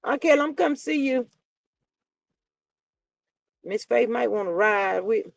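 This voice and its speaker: A woman's voice: on the high side, expressive, measured pace, gravelly, no echo. Chatty older woman gossip host, dry mic. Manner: chatty and drawling, acts out quoted people in voices. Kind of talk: casual gossip commentary to viewers.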